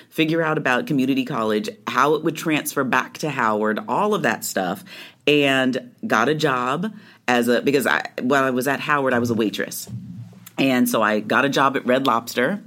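A middle-aged woman, an interview guest, telling a personal story in conversation with lively, acted-out quotes. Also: extremely low pitch. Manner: animated storytelling, acting out quoted lines.

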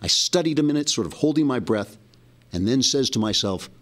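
A man's voice: medium pitch, lively intonation, a little fast, pitched above the performer's own voice, natural voice. A man reading aloud as Huckleberry Finn, a young runaway boy torn by conscience, in an earnest, folksy storytelling voice. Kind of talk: reading a novel passage aloud.

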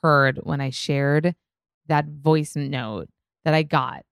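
A woman's voice: low voice, fairly even intonation, slow, creaky, no echo, studio quality. A young woman with an Israeli accent, a native Hebrew speaker, hosting a solo podcast in a casual, swearing, "like"-filled chat. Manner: chatty, swearing, heavy use of "like". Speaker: podcast host.

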